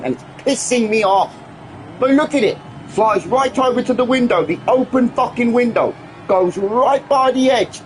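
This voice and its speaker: A man's voice: sits high, a little hiss or hum. A man streaming a game, ranting in an exasperated, heavily sweary way. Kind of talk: casual live-stream rant.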